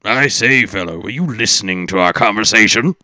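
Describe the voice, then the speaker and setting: A man voicing a pompous, loud male paladin commander who speaks in a stiff, formal way. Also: lowish voice, brisk, dry recording, clean studio sound. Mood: suspicious.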